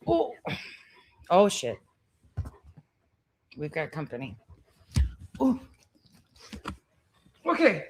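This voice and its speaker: A woman's voice: lowish voice, huge pitch swings, drawn-out words, pauses often, a little mellow, a little hiss or hum. A woman filming a casual home vlog, talking to her dogs in cooing baby talk and swearing offhandedly. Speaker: vlogger. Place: home living room with dogs.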